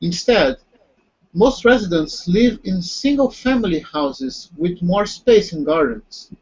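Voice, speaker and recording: Guy reading a passage out in class, high husky voice, lo-fi call sound. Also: lively intonation, takes it slowly. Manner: careful reading, restarts on hard words. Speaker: student. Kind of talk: reading aloud in a language class. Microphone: video call. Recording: dull lo-fi video call audio.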